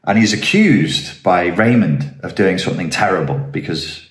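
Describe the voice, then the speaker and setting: A man's voice: sits low, lively intonation, moderate pace, few pauses. A man hosting a philosophy channel, talking through ideas in an earnest, digressive monologue that builds into emphatic rhetorical questions. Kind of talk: reflective monologue. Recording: roomy echoing room.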